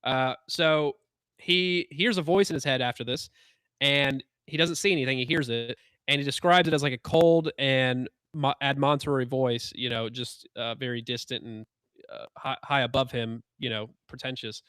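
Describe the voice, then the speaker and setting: A man's voice: mid-range voice, steady tone, normal speed, a bit bright, clear, resonant tone, dry recording. A man co-hosting a podcast, retelling a story in casual, sarcastic style with lots of fillers. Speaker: podcast co-host.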